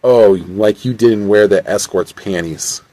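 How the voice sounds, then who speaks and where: A man voicing a gruff, bossy male sheriff in a stilted read-aloud way. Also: on the low side, measured pace, warm tone, dry recording, lightly acted, poor audio.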